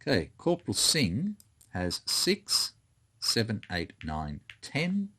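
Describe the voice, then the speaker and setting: Slow, musing man talking through a wargame. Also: lowish voice, wildly swooping pitch, bright, forceful tone, breathy edge. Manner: muttering, thinking aloud while counting cards. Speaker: board game player. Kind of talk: solo tabletop wargame playthrough commentary.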